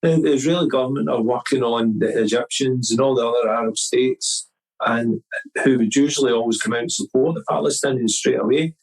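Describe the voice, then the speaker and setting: A middle-aged man talks at an everyday mid pitch as a podcast guest. He tells his story in loose, rambling casual chat. He restarts his phrases often and slips into the voices of the people he quotes. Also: a little fast, rough recording. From Scotland.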